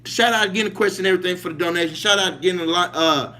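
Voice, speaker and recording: A man's voice: sits high, very fast, bright, forceful tone. A man hosting a livestream, talking emphatically and repeating himself, often asking his listeners if they follow him. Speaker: livestream host. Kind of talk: casual livestream monologue.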